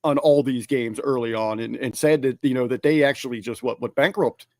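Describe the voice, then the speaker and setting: Animated man host, dry close sound. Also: medium pitch, brisk, no room sound. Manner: animated, repeats words when excited. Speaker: podcast co-host. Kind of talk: casual chat.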